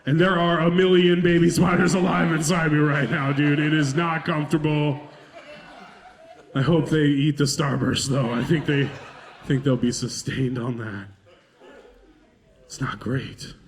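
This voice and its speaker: A man's voice: fairly high pitch, steady tone, a little slow, long pauses. Laughing, self-mocking male comic. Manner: loose, profane, self-mocking, laughs through lines. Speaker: stand-up comedian. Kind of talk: stand-up comedy set.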